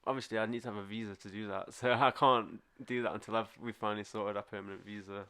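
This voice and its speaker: A man's voice: on the low side, fairly even intonation, fast, bright, forceful tone, clean tone. A man who is a musician, chatting easily on a podcast, giving short agreeing replies and laughing easily. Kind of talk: casual podcast chat.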